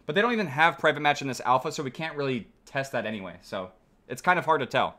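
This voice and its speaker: Lively, bright-voiced young man streaming a shooter. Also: medium pitch, fast. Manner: excitable, swearing, reacting loudly to the game. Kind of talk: live gameplay commentary. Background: gunfire from the game.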